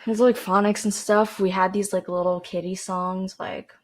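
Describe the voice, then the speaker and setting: A woman's voice: medium pitch, little pitch movement, normal speed. A teenage girl from Canada, rambling casually to camera as a podcast host, with lots of fillers and restarts. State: dry throat.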